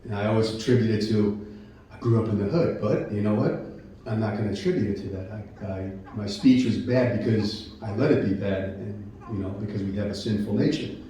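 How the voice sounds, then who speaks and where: Man sharing his testimony, low-ish warm voice, earnest and rambling, heard from far off in a very echoey room. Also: brisk, slight background noise. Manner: earnest and emotional, rambling with many restarts and "I'm like". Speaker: channel host giving his Christian testimony. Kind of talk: personal testimony, casual storytelling. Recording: very echoey room, voice picked up from a distance.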